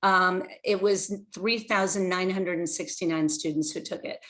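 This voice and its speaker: A woman's voice: fairly low pitch, steady tone, moderate pace, fairly bright tone, low-quality recording. A woman presenting at a public meeting, answering questions in a friendly, informal way over a video call. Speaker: guest presenter.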